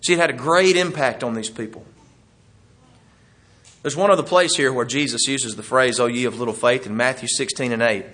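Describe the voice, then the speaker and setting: A man's voice: mid-range voice, a little fast, fairly bright tone. A man preaching a sermon in a folksy, conversational way, chuckling as he teaches.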